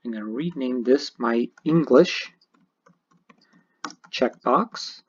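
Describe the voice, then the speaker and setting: Narrating a screencast, a programming teacher walks through each step methodically and without hurry. His mid-range voice is somewhat husky, and the audio comes across dull and lo-fi.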